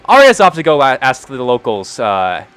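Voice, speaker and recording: A man voicing a tiefling woman adventurer who talks in a smooth, coaxing way. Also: mid-range voice, huge pitch swings, normal speed, a bit bright.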